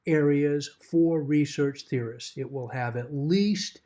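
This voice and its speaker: Measured man with a mellow voice. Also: fairly high pitch. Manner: measured, emphatic, repeats key words. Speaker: course instructor. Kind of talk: recorded course assignment overview.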